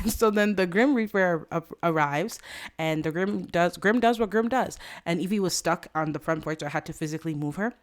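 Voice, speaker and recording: Lower-voiced woman narrating gameplay dramatically. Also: moderate pace. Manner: animated and dramatic, addresses viewers. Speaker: let's play host.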